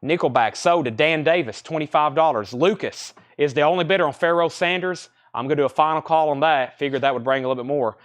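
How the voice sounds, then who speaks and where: A young man hosting a live record sale, rambling casually between quick price call-outs. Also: a little high. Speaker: record store host running a live sale. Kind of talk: casual livestream sales patter.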